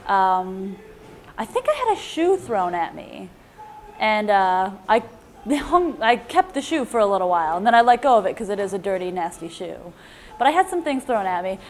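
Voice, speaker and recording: A woman's voice: medium pitch, sing-song, moderate pace. A woman and moped club member speaking in a casual, wry interview.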